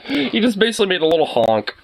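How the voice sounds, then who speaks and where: A man's voice: high voice, gravelly, fairly bright tone. A man chatting casually to the camera about his dog, laid-back and profane, often chuckling. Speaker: vlogger filming his dog. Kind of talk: casual chat.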